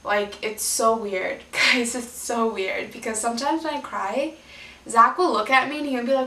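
A young woman vlogger with a slightly high, a bit bright voice talks a little slowly and rambles candidly to her viewers. The left side of her face is numb and she's drooling. She's recorded off-mic in an echoey room, sounding distant.

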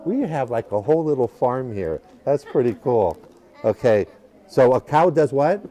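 A man's voice: medium pitch, animated, moderate pace, mellow, a little hiss or hum. A man reading a picture book to children at a library, patiently asking the children questions as he goes. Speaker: library storytime reader.

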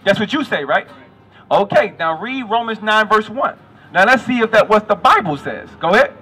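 A man's voice: high-pitched, animated, moderate pace, pushed and bright, breathy edge. A man preaching on the street, quizzing a reader and directing him with repeated questions. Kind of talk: street preaching with call-and-response Bible reading.

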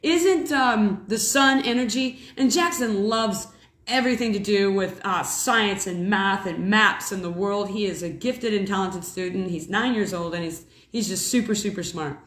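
A woman in her thirties, a mother, telling a rambling spiritual story in a casual, animated way. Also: mid-range voice, normal speed. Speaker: mother and preacher. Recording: echoey room.

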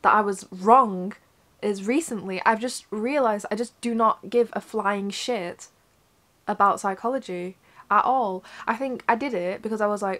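A woman's voice: mid-range voice, normal speed, a bit bright. A young woman talking candidly to her camera at home, frank and rambling, swearing often, close to tears. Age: young adult. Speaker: vlogger. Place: indoors at her mother's home.

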